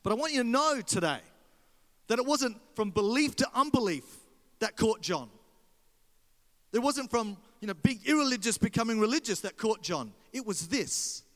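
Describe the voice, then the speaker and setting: Australian male pastor, animated sermon delivery, higher voice, long reverb. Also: moderate pace. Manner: animated storyteller, addresses congregation.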